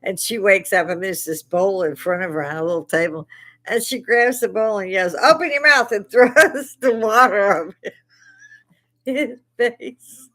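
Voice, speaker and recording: A woman's voice: medium pitch, a little slow. A middle-aged woman hosting a casual livestream, retelling stories with frequent laughter and acted-out quotes. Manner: animated storyteller who laughs often and acts out quotes. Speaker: livestream host.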